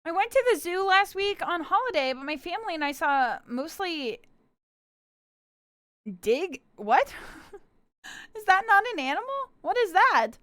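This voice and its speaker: Bubbly high-voiced young woman streamer. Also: very animated, unhurried, long pauses, bright, forceful tone, dry recording. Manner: bubbly, giggly, talks to chat and plays a cutesy puppy-girl persona. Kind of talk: casual live-stream chat.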